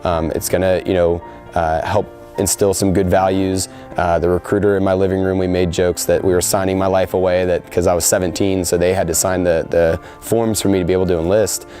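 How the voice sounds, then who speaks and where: A young man in his twenties talks quickly and earnestly in an interview, his low, mellow voice full of "you know" and "um." Faint soft music plays behind him. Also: little pitch movement. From United States. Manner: earnest, heartfelt, with frequent fillers. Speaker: soldier interviewed before deployment. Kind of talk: sit-down interview.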